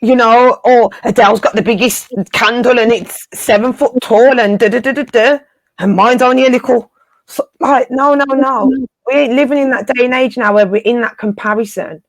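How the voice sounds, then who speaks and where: A woman's voice: on the high side, normal speed, no echo. A woman co-hosting a casual spiritual live chat, encouraging her listeners and often repeating phrases for emphasis in informal, slangy speech.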